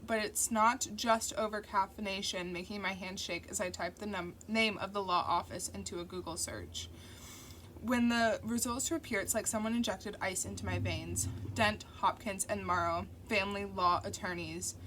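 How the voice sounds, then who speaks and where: A woman reads a novel aloud in the first person, her mid-range voice steady and intimate. Faint construction noise drifts in behind the reading. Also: medium pitch, normal speed. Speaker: audiobook narrator. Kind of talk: first-person audiobook narration.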